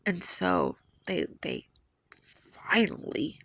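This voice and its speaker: A woman's voice: fairly low pitch, very animated, takes it slowly, vocal fry, fairly bright tone. A woman in her forties earnestly recounting a dream in a rambling, emotional way, with lots of fillers. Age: 40s. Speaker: video creator sharing dreams. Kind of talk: personal storytelling.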